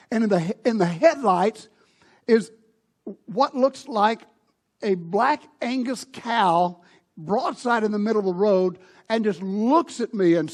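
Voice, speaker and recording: A middle-aged male pastor preaching a sermon, telling a personal story animatedly, swinging between loud outbursts and hushed lines. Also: high-pitched. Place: church sanctuary.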